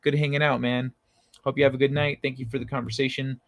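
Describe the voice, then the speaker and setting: A man's voice: medium pitch, level tone, fast talker, no room sound. A man hosting a casual late-night livestream, reading chat messages aloud and answering them in a loose, profane way. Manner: loose and profane, swears freely. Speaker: livestream host.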